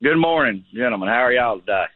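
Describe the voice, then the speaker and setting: A man's voice: medium pitch, animated, fast, no room sound. A man with a North Louisiana Southern accent, calling in to a radio show from a relative's house and chatting in an easygoing drawl. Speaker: phone-in guest. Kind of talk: casual radio chat. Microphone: phone line. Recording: dull lo-fi phone line.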